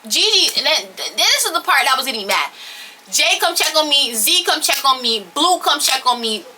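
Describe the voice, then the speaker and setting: A young woman telling a story in a casual, blunt and profane way, animated as she retells what happened. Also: high voice, moderate pace, a little hiss or hum. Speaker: storytelling vlogger.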